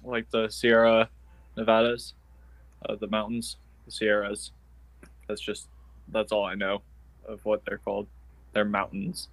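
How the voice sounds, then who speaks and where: A man's voice: fairly low pitch, monotone, measured pace, long pauses, no room sound. Easygoing man talking over a video call. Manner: easygoing, hesitant, many ums. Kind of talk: casual video call chat. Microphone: tablet on a video call.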